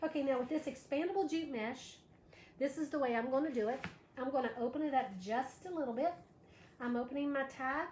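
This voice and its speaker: A woman's voice: on the high side, darkish tone. A woman hosting a live wreath-making tutorial, chatty and gushing as she greets viewers by name. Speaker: live craft show host. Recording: echoey room with faint background noise.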